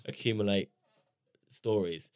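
A man's voice: lowish voice, measured pace, darkish tone, clear, resonant tone, dry recording, clean studio sound. A young man co-hosting a podcast, chatting casually, laughing often and swearing freely. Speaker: podcast co-host. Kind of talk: casual chat.

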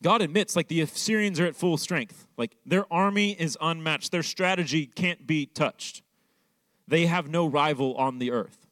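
A man's voice: a little high, normal speed, a bit bright, dry recording. Man, young adult, preaching, casual storytelling, dry close sound. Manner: conversational, fillers like "like". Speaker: pastor. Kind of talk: sermon with personal story.

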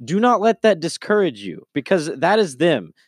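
A man's voice: fairly high pitch, very animated, normal speed, slightly rough, no room sound, studio quality. Young man giving blunt advice. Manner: preachy, emphatic, lecturing with "okay?". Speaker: podcast co-host. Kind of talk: casual chat.

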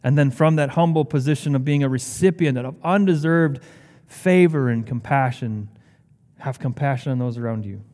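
A man's voice: moderate pace, a little mellow. A man preaching a sermon as pastor, reading scripture with rising, impassioned emphasis. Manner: impassioned, rising in pitch when quoting scripture. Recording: long hall reverb.

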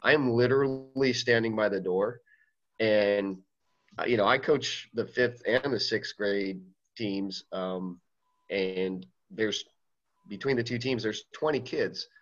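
A low-voiced man tells a story in halting casual chat, restarting his sentences. The audio is dull and lo-fi, and he coaches young teams. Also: a bit bright. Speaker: coach of fifth and sixth grade teams.

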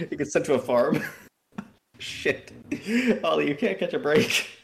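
A man's voice: a little high, slow pace, gravelly. A man chatting on a podcast as a player, telling stories in a rambling way and laughing often. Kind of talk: casual chat.

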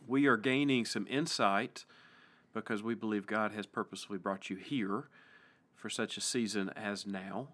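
Speaking with an East Tennessee accent, this pastor runs a relaxed podcast interview. His voice is fairly low and fairly bright, and his warm manner is broken up by hesitations and constant restarts.

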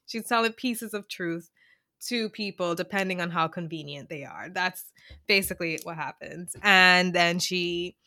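A woman co-hosting a podcast chats casually and animatedly, laughing often as she retells a reality show. Her lowish voice is pushed and bright at a measured pace, captured in a dry, clean studio recording.

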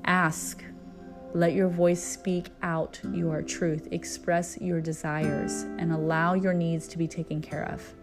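A woman's voice: fairly low pitch, level tone, slow, loud music behind the voice. A middle-aged woman hosting a spiritual message, telling a personal story and then preaching in an earnest, storytelling way. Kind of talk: inspirational spiritual talk.

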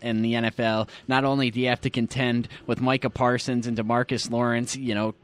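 A man's voice: medium pitch, little pitch movement, fairly quick, clear, resonant tone. A man co-hosting a casual sports show, giving confident, trash-talking football picks. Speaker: co-host picking games.

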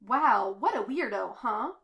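A woman's voice: high-pitched, very animated, moderate pace, highs cut off, voice pushed up. A woman voicing a cheerful, bubbly young girl who talks in a chirpy, upbeat way. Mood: cheery.

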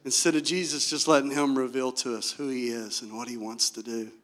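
A man's voice: mid-range voice, steady tone, brisk, fairly bright tone. A male pastor preaching a sermon, telling the story with animation and asking the congregation direct questions.

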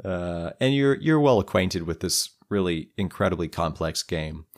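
A man's voice: deep voice, expressive, moderate pace. A young man narrating as game master of a tabletop game, improvising loosely with lots of restarts.

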